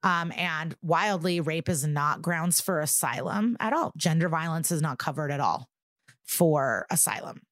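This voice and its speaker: A young adult woman with a lowish voice recaps a TV episode for her podcast, swearing freely and getting sarcastic about it. The sound is dry and close to the mic, with no room around it. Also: a little slow, a bit bright, no echo. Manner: profane, sarcastic retelling with acted quotes. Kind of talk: casual chat.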